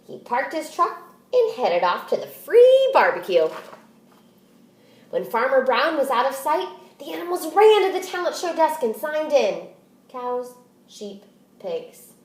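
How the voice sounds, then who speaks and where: A woman teacher reading a picture book aloud and explaining it, in a deliberate, expressive manner. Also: high-pitched, reverberant.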